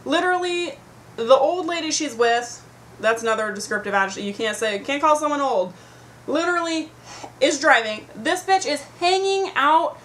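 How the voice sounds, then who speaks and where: A woman's voice: sits high, lively intonation, normal speed, fairly bright tone. A woman telling a story to her computer camera at home in a casual, rambling, profane rant. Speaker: vlogger. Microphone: computer webcam mic.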